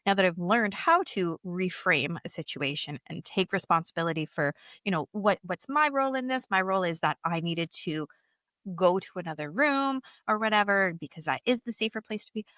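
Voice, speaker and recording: A woman's voice: lowish voice, no echo. Woman chatting openly in an interview, laughs a lot, voice jumps around, super dry close sound. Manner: open, animated storyteller who laughs often. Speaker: guest. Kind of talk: candid conversational interview.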